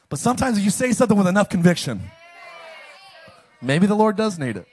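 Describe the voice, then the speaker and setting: A man preaching a sermon as pastor, reading scripture and calling the congregation to repeat after him, with sudden loud, animated bursts. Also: sits high, fast talker, long pauses, breathy edge. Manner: call-and-response, animated with sudden loud lines.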